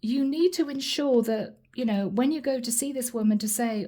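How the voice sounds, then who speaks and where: Woman tarot reader, earnest, talks straight to the listener, fairly high, mellow tone. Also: a little slow. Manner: earnest, repeats questions, addresses listener directly. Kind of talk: channeled tarot reading.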